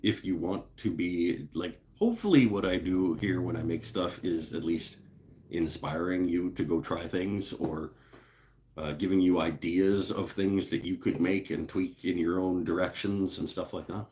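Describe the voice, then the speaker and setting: A man's voice: deep voice, unhurried, a little mellow, slight background noise. A man hosting a woodworking live show, chatting in a rambling, laid-back way with casual swearing. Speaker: woodworking channel host. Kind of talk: casual live-stream chat.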